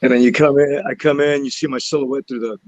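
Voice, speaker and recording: A man telling a story from a film set in casual chat, animated and laughing, restarting and repeating words as he goes. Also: mid-range voice, quick pace, dry recording, dull audio. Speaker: actor and podcast guest.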